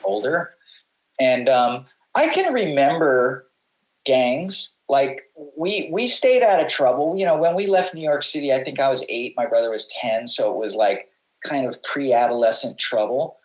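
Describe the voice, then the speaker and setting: A man's voice: mid-range voice, expressive, a little slow, darkish tone, rough recording. A middle-aged man, a guest on a podcast, telling long casual stories with many restarts and acted-out quotes. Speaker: podcast guest, pro surfer. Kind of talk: casual storytelling.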